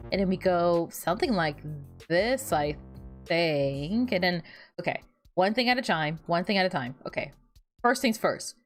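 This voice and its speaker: A young woman VTuber chats casually on her livestream while fiddling with her setup, animated and giggly, often repeating words and laughing at her own jokes. Her voice is lowish at a moderate pace, with faint music in the background.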